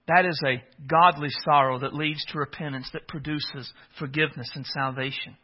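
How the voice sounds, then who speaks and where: A man's voice: on the high side, normal speed, hardly any pauses, husky. A man preaching a sermon in a conversational, earnest storytelling manner. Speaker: pastor. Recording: dull lo-fi audio.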